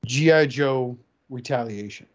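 A man in casual podcast chat, profanely riffing and acting out quick voices. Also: medium pitch. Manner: animated, profane, acts out voices. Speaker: podcast co-host. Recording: dull lo-fi sound.

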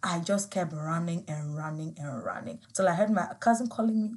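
A young woman with a Ghanaian accent tells a personal story. She speaks with animated emotion and laughs often as she talks. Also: lowish voice, brisk. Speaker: vlogger.

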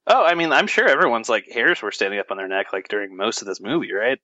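Podcast dude cracking jokes, voice jumps all over, bright and bouncy. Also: male voice, fairly low pitch, expressive, fast talker, dry recording, highs cut off. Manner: jokey, playful banter. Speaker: podcast co-host. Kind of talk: casual film discussion.

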